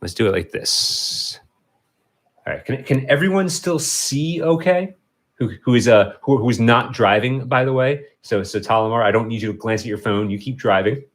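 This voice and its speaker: A man's voice: medium pitch, normal speed. Rambling man chatting on a livestream. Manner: rambling, talks to his cat and to chat viewers, many restarts. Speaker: livestream host. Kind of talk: casual livestream chat.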